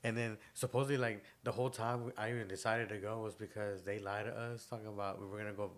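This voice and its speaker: A man's voice: lowish voice, little pitch movement, fast talker. A young man co-hosting a podcast, telling rambling stories in casual chat with lots of slang and laughter. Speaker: podcast co-host.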